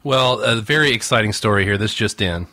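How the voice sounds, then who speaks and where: A man's voice: fairly low pitch, brisk, sharp tone. A man co-hosting a podcast, reading out news stories and joking in an easygoing, dry way. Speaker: podcast co-host. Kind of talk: casual joking news chat.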